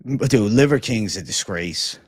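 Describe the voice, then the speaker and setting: A man's voice: fairly low pitch, animated, a little slow, slightly rough, no echo. A man hosting an MMA livestream in casual, profane, hyped chat full of slang.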